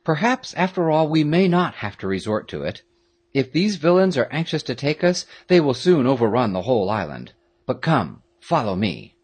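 A man doing a solemn, steady young leader. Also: medium pitch, slightly rough, pitched above the performer's own voice. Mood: grave. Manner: calm, solemn and measured.

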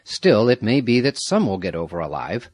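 A man reading the part of a brave, loyal young soldier, earnest and measured, with a husky voice. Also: lowish voice, big pitch swings, darkish tone, no room sound.

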